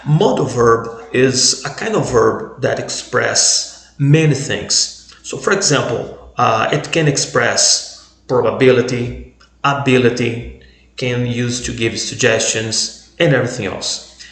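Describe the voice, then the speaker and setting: Man, Portuguese native speaker, English teacher, measured unhurried lesson, echoey room. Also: mid-range voice, creaky, a bit bright. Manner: slow, deliberate explaining with repeated example sentences. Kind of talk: video lesson explaining grammar.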